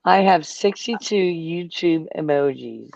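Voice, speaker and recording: A woman's voice: low-pitched, lively intonation, a little slow, creaky, darkish tone, no echo. A woman chatting casually with friends in an easygoing, teasing way. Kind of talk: casual group chat. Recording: dull lo-fi sound.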